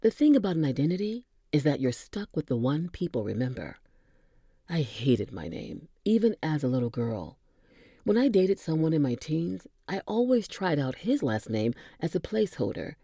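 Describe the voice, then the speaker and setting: A woman narrating a story in a measured, expressive audiobook style. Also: deep voice, breathy edge, no echo, clean studio sound.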